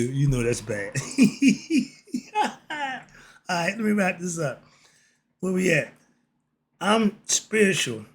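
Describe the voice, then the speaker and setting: A man's voice: on the high side, a bit bright, breathy edge. A man hosting a casual political monologue, blunt and streetwise, asking himself "why?" and answering. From United States. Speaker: commentary channel host.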